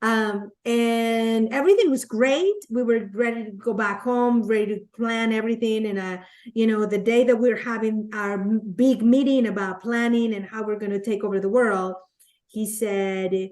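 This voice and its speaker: A Latina woman who is a guest on a podcast, telling stories from her career in an animated way and acting out the quotes. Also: fairly high pitch, moderate pace. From Latin America. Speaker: guest, network marketer. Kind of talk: conversational storytelling.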